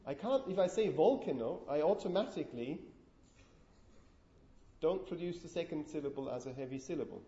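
A man's voice: fairly high pitch, brisk, pauses often, warm tone. A man giving a university lecture on linguistics, explaining step by step and putting questions to the class. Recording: echoey, dull lecture room recording.

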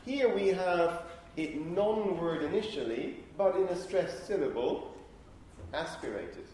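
A man's voice: high-pitched, lively intonation, measured pace, a little mellow. A male lecturer explaining phonetics to a class, thinking aloud and often checking in with the students. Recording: echoey classroom with faint ambient noise.

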